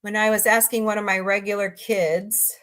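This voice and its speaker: A middle-aged woman from Southwest Missouri hosts a casual livestream, chatting loosely and rambling as she answers her viewers' messages. Her mid-range voice is fairly bright, with little pitch movement and a moderate pace.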